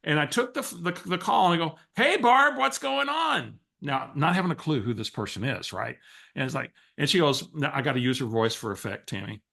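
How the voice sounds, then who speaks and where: Bright-voiced man coaching. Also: mid-range voice, fairly quick, gravelly. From Texas. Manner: animated storyteller who acts out quoted dialogue, with frequent restarts. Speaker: real estate coach. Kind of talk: coaching call storytelling.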